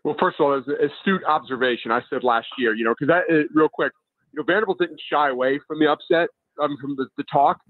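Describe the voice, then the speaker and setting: Over a tinny phone line, a man who works as a college football editor gives analytical sports radio commentary, stammering and restarting at times. His voice is fairly high, his pace quick, and the recording dry.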